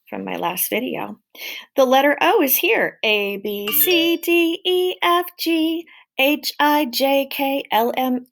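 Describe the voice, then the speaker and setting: Bright-voiced teacher woman, slow and clear. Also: a little high. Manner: slow, clear and encouraging, stretching sounds for young learners. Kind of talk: children's phonics lesson.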